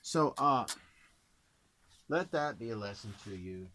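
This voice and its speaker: A man's voice: medium pitch, expressive, unhurried, a bit bright, slight background noise. A man talking in a casual, rambling vlog, jokey and full of fillers. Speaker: vlogger and singer.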